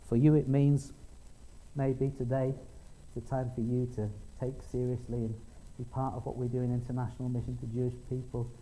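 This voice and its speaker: A middle-aged man with a mellow, mid-range voice preaches a conversational sermon on poor audio. He tells stories, restarts sentences, and quotes people in small acted voices.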